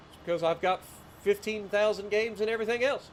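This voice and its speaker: Rambling rural Ohio man, higher voice. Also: fast talker, slight background noise. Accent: rural southeastern Ohio. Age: late 30s. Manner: rambling storyteller, chuckles often, greets chat. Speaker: livestreamer. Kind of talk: casual gameplay livestream chat.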